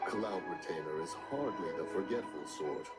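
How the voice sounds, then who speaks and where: An ancient divine beast speaks slowly in a low, grave voice. Its speech is archaic and formal, referring to itself as "one." Loud game music plays behind. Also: male voice, expressive. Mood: solemn. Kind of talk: game cutscene dialogue.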